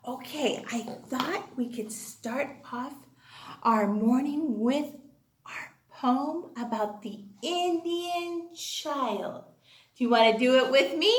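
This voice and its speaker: A woman's voice: high voice, slow, roomy sound. A woman teaching a phonics lesson to young children, speaking in an exaggerated, encouraging sing-song.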